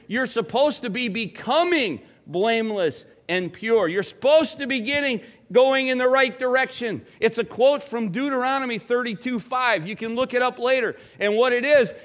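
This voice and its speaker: A man's voice: very high-pitched, expressive, normal speed, few pauses, fairly bright tone. A middle-aged man preaching a sermon in a conversational, folksy way, asking the congregation questions. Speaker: pastor.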